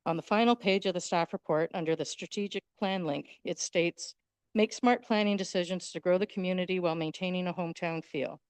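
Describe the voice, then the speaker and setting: A woman, an applicant reading a prepared statement to a town council in a firm, measured way. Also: on the low side, creaky, clear, resonant tone, no room sound. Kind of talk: prepared statement read aloud.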